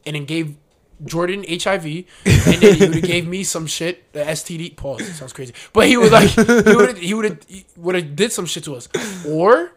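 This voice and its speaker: Brief: man, 20s, podcast co-host, slangy, animated storyteller, slightly higher pitch. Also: normal speed. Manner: animated, slangy, acts out quotes. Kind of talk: casual chat, storytelling.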